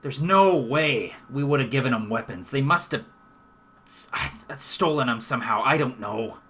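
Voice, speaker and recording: A man voicing an earnest, proud male dwarf leader in a tabletop game who talks gruffly and says "aye". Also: medium pitch, animated, normal speed, fairly bright tone. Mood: pleading.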